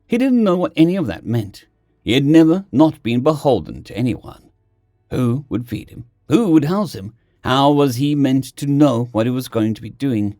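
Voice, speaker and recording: A man narrating a fiction story in an expressive, animated storytelling manner. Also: medium pitch, moderate pace, no room sound, studio quality.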